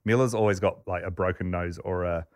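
Man, casual podcast storytelling, animated and chatty, deep voice, dry sound. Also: fairly quick, no echo. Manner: chatty, animated, laughs while telling anecdotes. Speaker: podcast host telling a story.

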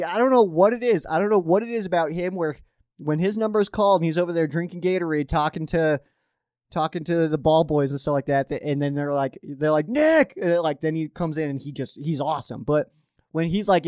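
A man talks through his football predictions in a loose, rambling way, often restarting his sentences. His voice sits a little high for a man, and his emphasis swings up and down. The recording is dry and close, with no room sound. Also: darkish tone, no room sound. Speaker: sports podcast host. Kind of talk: casual football picks commentary.

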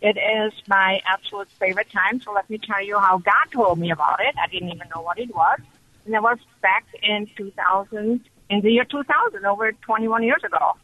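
A woman calling in to a radio show, telling her story with excited, animated energy over the telephone. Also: medium pitch, brisk, no room sound. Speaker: caller. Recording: dull phone line.

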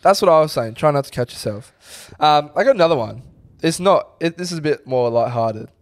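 Laid-back young Aussie bloke. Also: male voice, on the high side, expressive, brisk. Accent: Australian. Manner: laid-back, swears, laughs easily. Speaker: podcast co-host. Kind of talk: casual chat. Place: studio under lights.

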